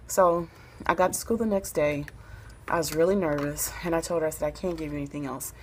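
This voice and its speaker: A woman from Memphis, Tennessee, telling a personal story to camera in a soft-spoken, relaxed way with plenty of fillers. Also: low voice, a little fast, slight background noise, poor audio. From Memphis, Tennessee, USA.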